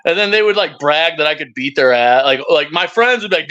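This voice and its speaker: This young man, a live-stream guest, has a higher-pitched voice and a brisk pace as he animatedly tells rowdy tales laced with profanity in a relaxed chat. His live-stream microphone yields dull, lo-fi sound.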